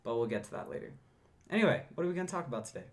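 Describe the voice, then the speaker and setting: A man's voice: medium pitch, lively intonation, rapid-fire. A man hosting a podcast in casual chat, upbeat and steering the conversation. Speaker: podcast host.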